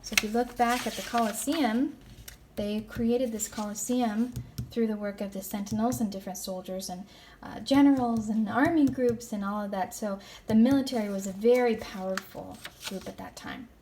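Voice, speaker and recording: A woman's voice: mid-range voice, moderate pace, mellow, slight background noise. A woman teaching young children, recapping a class in a playful, sing-song way. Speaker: elementary school teacher.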